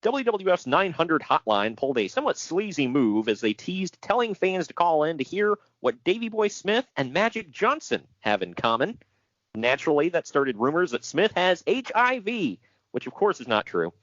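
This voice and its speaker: A man's voice: on the high side, normal speed, dry recording, dull audio. A man co-hosting a podcast, chatting casually about old wrestling news with sarcasm and frequent laughs. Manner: animated, sarcastic, laughs often. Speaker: podcast co-host.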